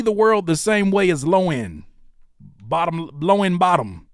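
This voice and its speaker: A man in his thirties roasts a commenter in a mocking, teasing rant. His pitch leaps wildly from low mutters to high squeals. His voice sits a bit high and sounds close and dry. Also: sing-song, normal speed, no room sound. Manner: mocking, teasing, with sudden loud outbursts. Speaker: rapper and YouTuber reacting to comments. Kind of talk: animated comedic rant.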